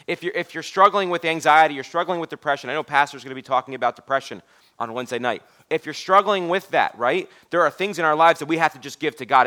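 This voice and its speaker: A man preaching a sermon in church, in a conversational way, often repeating his words. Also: fairly high pitch. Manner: conversational, repeats words, drops to a soft voice for quoted lines.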